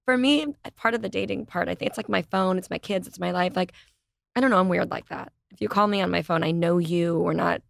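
A middle-aged woman spins a story as a podcast guest, jumping into the voices of the people in it. Her voice has a gravelly edge, and the sound is close and dry. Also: lowish voice, brisk, no echo. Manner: lively storyteller, acts out quoted voices. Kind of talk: animated storytelling in casual chat.

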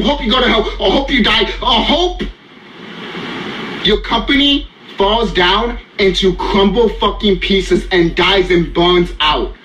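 A man's voice: high-pitched, a little slow, bright, forceful tone, echoey room, a little hiss or hum, rough recording. A man ranting furiously and profanely in a reaction vlog, repeating himself and losing his voice. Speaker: YouTuber.

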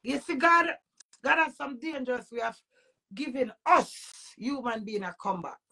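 Gravelly Jamaican woman ranting. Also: expressive, moderate pace. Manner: emphatic, preachy, swings between loud outbursts and low muttering. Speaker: social media personality. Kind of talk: ranting monologue to camera.

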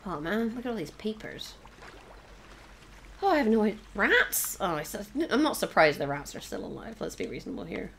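A woman's voice: medium pitch, sing-song, fairly quick, fairly bright tone, slight background noise. Chatty woman narrating gameplay. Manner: chatty, exclaiming, addresses viewers. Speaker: let's play host. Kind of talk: casual gameplay commentary. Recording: game sound clearly behind voice. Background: game ambience.

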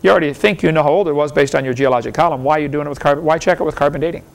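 Gravelly, higher-voiced man lecturing. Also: very fast. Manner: folksy, argumentative, fires rhetorical questions, chuckles often. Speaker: seminar lecturer. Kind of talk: lecture to a live audience.

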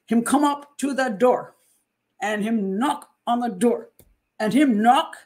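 A woman voicing an older Jamaican woman storyteller in a put-on Jamaican accent, who repeats each line slowly and builds it up. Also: on the high side, darkish tone, pitched above the performer's own voice. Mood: escalating storytelling. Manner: slow, repetitive, building up the story.

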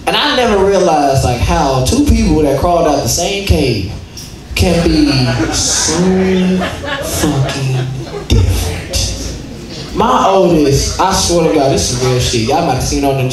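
A male stand-up comedian telling profane stories about fatherhood to a live audience, with shouted punchlines. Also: fairly high pitch. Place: comedy club stage before a live audience. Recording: echoey room, mic heard from a distance, audience noise.

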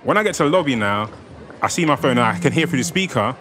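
A man with a London accent telling a comic anecdote, laughing and shouting the punchlines. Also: medium pitch, expressive, quick pace, a little hiss or hum. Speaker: storyteller on a comedy panel. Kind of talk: animated comedic anecdote.

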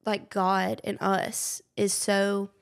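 A young woman, hosting a podcast in casual chat, gushing and animated. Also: mid-range voice, extremely slow, creaky. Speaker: podcast host.

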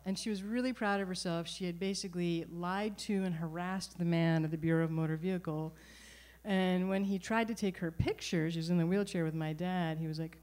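A middle-aged woman telling a personal story at a live storytelling event, conversational and animated, with frequent restarts. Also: lowish voice, brisk. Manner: conversational, animated, self-correcting.

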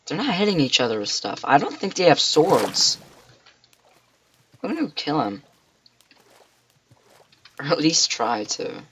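A man giving excitable let's play commentary, talking to himself with frequent exclamations at a desktop mic. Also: a little high, unhurried, pauses often, slight background noise. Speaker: gamer.

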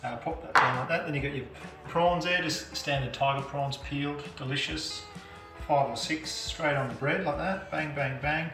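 A man's voice: fairly high pitch, moderate pace, music in the background. A man with an Australian accent doing a stand-up comedy set, laid-back and laughing through his lines.

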